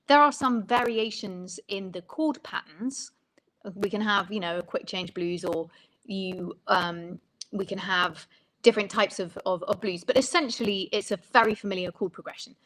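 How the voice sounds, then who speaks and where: A woman's voice: medium pitch, fairly bright tone, rough recording. A woman songwriting coach explaining melody and lyric writing in an interview, thoughtful and stopping often to rephrase.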